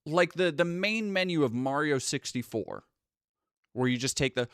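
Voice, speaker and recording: A man's voice: on the high side, lively intonation, moderate pace, fairly bright tone, smooth, no room sound, studio quality. A man live streaming, rambling through sarcastic casual commentary with lots of restarts.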